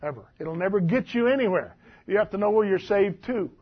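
A man preaches with a high, husky voice. He reads verses and comments on them in a folksy, animated way. The recording sounds dull and lo-fi. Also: a little fast. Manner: folksy, animated, laughs at the text. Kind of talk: sermon, reading and commenting on scripture.

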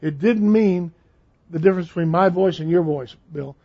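A man's voice: high-pitched, moderate pace, dark tone, slightly rough. A man preaching a sermon in a conversational, emphatic way, repeating phrases for stress. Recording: dull lo-fi recording.

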